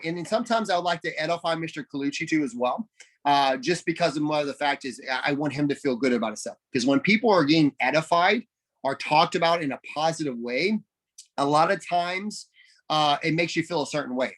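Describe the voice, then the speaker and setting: Man, team leader coaching on a group call; emphatic and energetic, voice sits a bit high. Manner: energetic, emphatic, repeats phrases and role-plays messages. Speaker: network marketing team leader.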